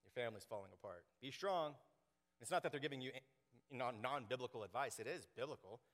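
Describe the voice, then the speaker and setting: A man preaching a sermon to his congregation, animated and joking, acting out quoted voices. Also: medium pitch, fast. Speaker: pastor. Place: church sanctuary. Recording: long hall reverb.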